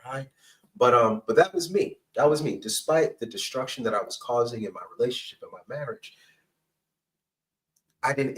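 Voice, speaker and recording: Middle-aged male guest, emphatic and candid, mid-pitched, recorded slightly away from the mic. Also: fairly bright tone, distant mic, low-quality recording. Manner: earnest, emphatic, frequent "right?" and "okay?" asides. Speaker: podcast guest, counselor and pastor. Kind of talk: candid personal storytelling in an interview.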